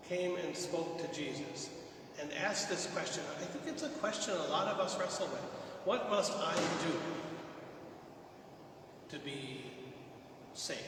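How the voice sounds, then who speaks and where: A man preaching a sermon in a conversational manner, asking the congregation rhetorical questions. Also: sits high. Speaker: pastor. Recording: echoey hall from far off, noisy.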